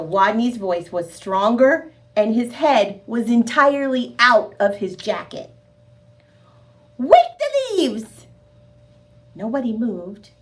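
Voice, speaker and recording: A woman reading a picture book aloud to children, expressive and sing-song, speaking to her young listeners directly. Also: medium pitch. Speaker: storyteller.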